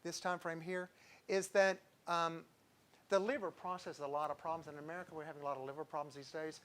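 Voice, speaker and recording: Man, doctor, informal lecture, chatty, digressive, higher-pitched. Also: level tone, a little fast, a bit bright. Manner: chatty, digressive, tells patient stories with chuckles. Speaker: doctor giving a health talk.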